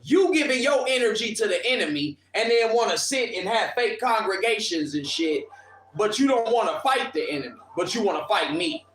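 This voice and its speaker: Man streaming a fiery, profane rant with a high voice, an echoey room and a beat under him. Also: expressive, moderate pace, fairly bright tone. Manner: fiery, preachy, profane and confrontational. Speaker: livestream commentator. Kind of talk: impassioned live rant. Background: instrumental beat playing.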